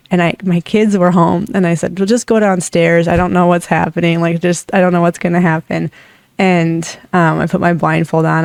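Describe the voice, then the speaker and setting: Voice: medium pitch, gravelly, a little mellow, no room sound. A breathwork facilitator in their thirties telling a personal story casually, rambling with many "like" fillers.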